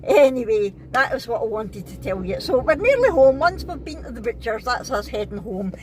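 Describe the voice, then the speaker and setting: A woman's voice: a little high, very animated, moderate pace. Chatty Scottish woman vlogging. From Scotland. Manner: chatty, rambling, with many ums and laughs. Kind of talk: casual vlog chat to camera.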